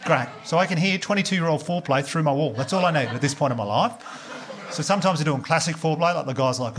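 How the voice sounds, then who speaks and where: An Australian man doing a stand-up comedy set, telling crude stories in a deadpan way and quoting other people's voices. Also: on the high side, fast talker. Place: comedy club stage before a live audience. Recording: live stage mic, loud crowd laughter. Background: audience laughter.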